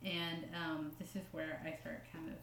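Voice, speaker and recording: A woman's voice: low voice, little pitch movement, moderate pace, gravelly, echoey room, noisy background. A woman co-hosting a casual podcast, reading quotes aloud with joking asides and frequent laughs. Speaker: podcast co-host.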